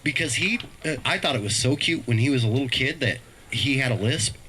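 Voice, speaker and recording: Middle-aged male comic, lively pitch, spins family stories with put-on voices, faint hiss behind. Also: a little fast, rough recording. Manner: animated storytelling, acts out voices. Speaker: stand-up comedian. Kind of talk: stand-up set on a live stream.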